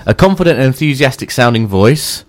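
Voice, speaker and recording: A man's voice: medium pitch, animated, fairly quick. A man co-hosting a radio show, joking around and reading a job advert aloud with lots of ums. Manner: joking, reads aloud with hesitant fillers. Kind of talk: casual radio banter.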